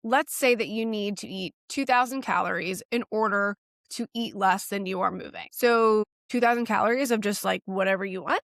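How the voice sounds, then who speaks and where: A woman's voice: medium pitch, moderate pace, vocal fry, fairly bright tone, no echo, studio quality. A woman in her thirties, a fitness coach host, talking straight to camera in a blunt, sassy way and swearing casually. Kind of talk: direct-to-camera coaching talk.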